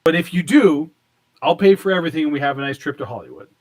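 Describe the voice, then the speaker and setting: A man's voice: a little high, quick pace, natural voice. A man doing a blunt, fed-up boss. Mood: challenging. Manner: blunt, challenging. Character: skeptical, exasperated man who is a boss.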